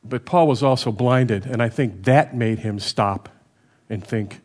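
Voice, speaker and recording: Middle-aged guy preaching, chatty, keeps asking "right?", gets loud then drops low. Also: a little slow. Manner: varies loudness a lot, rising for emphasis and dropping low. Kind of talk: sermon.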